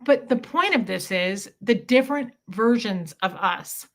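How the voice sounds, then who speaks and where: A woman's voice: medium pitch, lively intonation, unhurried. A woman hosting a casual livestream, telling stories in a chatty way and acting out the dialogue as she goes. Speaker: livestream host.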